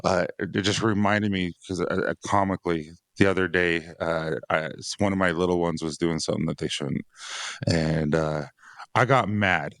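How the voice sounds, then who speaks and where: A man's voice: low voice, fairly even intonation, moderate pace, fairly bright tone, no room sound, clean studio sound. A man who is a father of six, talking casually on a dads podcast, rambling and laughing often. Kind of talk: casual conversation.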